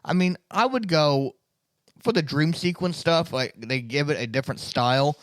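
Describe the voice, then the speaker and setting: A man's voice: a little high, normal speed, no room sound. A man co-hosting a podcast in casual chat, agreeable and full of fillers. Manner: agreeable, filler-heavy, lively. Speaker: podcast co-host.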